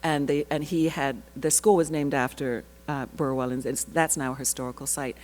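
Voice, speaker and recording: Low-voiced woman telling a lively story. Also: normal speed, poor audio. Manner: lively, laughs often, restarts and asides. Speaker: actress sharing her research story. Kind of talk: animated personal storytelling at a panel.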